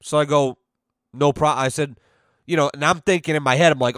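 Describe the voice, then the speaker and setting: A man's voice: fairly high pitch, fairly even intonation, a little fast, a bit bright, smooth, no room sound, studio quality. A young man hosting a podcast, telling a casual story in a profane, exasperated way and acting out what others said. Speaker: podcast host.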